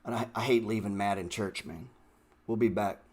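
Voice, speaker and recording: A man's voice: fairly low pitch, fairly even intonation, moderate pace, a little mellow. A man hosting a trading livestream, ranting bluntly and swearing heatedly from his computer. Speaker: trading show host.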